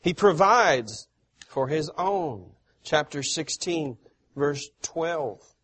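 Slow, emphatic higher-voiced male preacher. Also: expressive, slightly rough. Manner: emphatic, swells loud on key phrases. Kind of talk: sermon with scripture reading.

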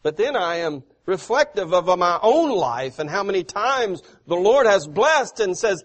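A male preacher giving a sermon, reading scripture aloud and swelling loud on key phrases. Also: high-pitched, very animated, measured pace, hardly any pauses.

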